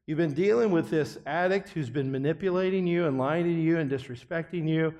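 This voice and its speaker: A middle-aged man teaching a biblical counseling class in an earnest, deliberate way, often letting his voice fall quiet at the ends of phrases. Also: fairly high pitch. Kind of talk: classroom lecture.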